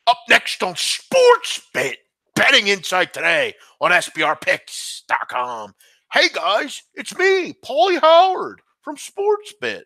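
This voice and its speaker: A man putting on the voice of an excitable male sports show host, speaking slowly and squeakily. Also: no echo, exaggerated voice. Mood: chirpy. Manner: slow, drawn-out, squeaky delivery.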